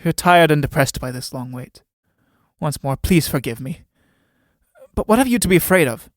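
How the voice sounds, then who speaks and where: A man's voice: on the high side, expressive, normal speed, no echo, studio quality, natural voice. A man playing a proud, grandiose playwright. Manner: grandiose, boastful. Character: ambitious, proud male playwright.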